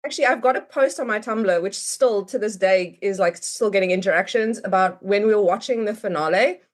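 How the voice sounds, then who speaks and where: A woman's voice: medium pitch, brisk. A young adult woman chatting as a podcast guest, rambling and laughing often. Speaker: podcast guest, fanfic author. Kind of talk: casual chat.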